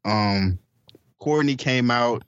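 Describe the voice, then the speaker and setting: A male podcast co-host tells a story in a casual chat with friends, acting out its characters and often swearing and laughing. His mid-range, somewhat bright voice is slow, clear and resonant, with no echo, but the audio sounds dull.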